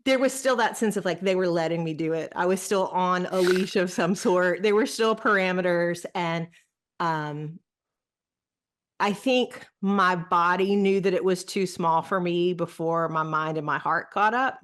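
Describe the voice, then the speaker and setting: A woman's voice: fairly low pitch, measured pace. Reflective woman, former pastor. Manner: reflective, searching, lots of fillers and restarts. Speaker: podcast guest, former pastor. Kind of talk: casual conversation.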